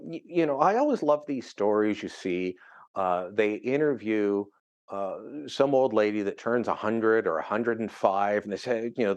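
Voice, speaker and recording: Speaking like a guest in an easygoing interview, a middle-aged man from Canada who works as a political contributor covers the news animatedly. His intonation rises and falls constantly, and he imitates the people he cites. The recording is dry.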